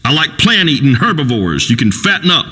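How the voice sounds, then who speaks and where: A man's voice: mid-range voice, sing-song, brisk, sharp tone, slightly rough, in a large hall, heavily acted, low-quality recording. An actor playing a crude, macho rural male talk-radio host in a comedy game radio show, drawling and preachy. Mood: boastful.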